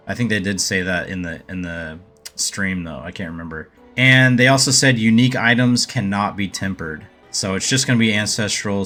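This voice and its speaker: Hesitant man with a bright voice. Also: lowish voice. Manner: hesitant, thinking aloud while clicking through slides. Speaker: gaming video creator. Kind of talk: casual game update overview.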